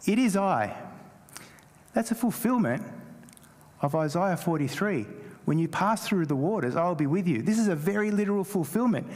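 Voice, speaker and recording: A man's voice: high-pitched, moderate pace, in a large hall. A man whose first language is Greek, preaching a sermon as a pastor and lifting his voice on quoted scripture. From Greece. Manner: animated preaching, rising emphasis on quoted scripture.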